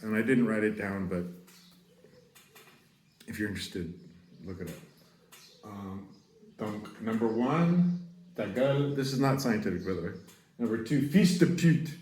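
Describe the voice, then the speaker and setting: An American man giving a casual, profane French lesson, rambling with laughs and shouting out example curses. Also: lowish voice, roomy sound. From United States. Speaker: French teacher.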